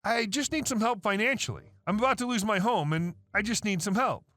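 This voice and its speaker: A woman's voice: medium pitch, fairly quick, fairly bright tone, pitched above the performer's own voice, lightly acted. A man doing an insistent, pleading woman caller.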